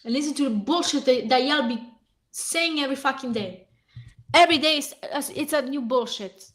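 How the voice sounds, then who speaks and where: High-pitched woman ranting angrily. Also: moderate pace. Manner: heated, profane, ranting while reading aloud. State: hoarse. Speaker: vlogger. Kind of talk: angry reaction rant.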